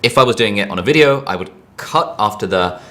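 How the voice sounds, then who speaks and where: A man's voice: on the low side, expressive, a little fast, pushed and bright. A man teaching an online lesson in a casual, chatty way, full of asides and fillers. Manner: chatty, rambling asides, frequent "like". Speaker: online course instructor.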